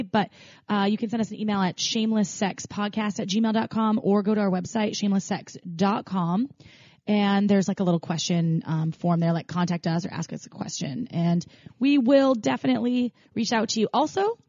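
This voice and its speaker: A woman's voice: medium pitch, mellow, dry recording, highs cut off. A woman co-hosting a podcast, chatting casually with lots of fillers and restarts. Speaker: podcast co-host.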